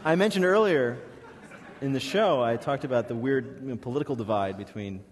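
A man hosting a radio quiz show, brisk and scripted as he sets up the game. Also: mid-range voice, long reverb tail, a little hiss or hum.

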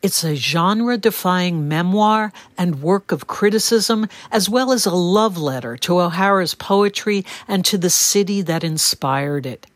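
Woman, book critic, scripted review, low voice, measured, dry studio sound. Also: expressive, no room sound. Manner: measured, articulate.

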